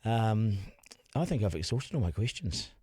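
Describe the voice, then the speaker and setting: A man's voice: lowish voice, very animated, moderate pace, darkish tone, husky, dry recording, clean studio sound. A man with a New Zealand accent hosting a casual interview podcast, chatty, laughing often and tagging his sentences with "eh?". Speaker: podcast host.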